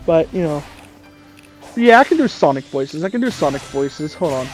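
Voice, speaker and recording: Male gaming host, slightly high voice, rambling and self-correcting, faint music behind. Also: animated, a little slow, long pauses. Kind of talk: casual chat about voice impressions.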